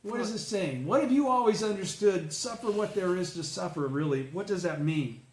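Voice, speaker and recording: A man's voice: high-pitched, expressive, moderate pace, darkish tone, slight background noise. A man leading an informal religious study group, explaining a text, checking in with listeners and swearing casually. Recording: roomy echo.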